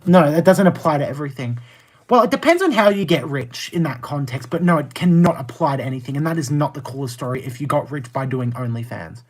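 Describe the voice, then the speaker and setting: Speaking fast and animatedly, this Australian guy in his twenties responds to livestream comments in a casual, blunt, exasperated way. Whenever he gets going on a rant, his voice leaps up to a high, indignant pitch.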